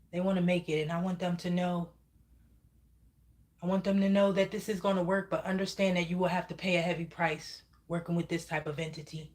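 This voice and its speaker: A woman with a slightly low voice delivering a channeled psychic reading on a livestream. She talks emphatically and keeps asking her viewers "okay?" When she gets worked up, she swears. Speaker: spiritual reader channeling messages.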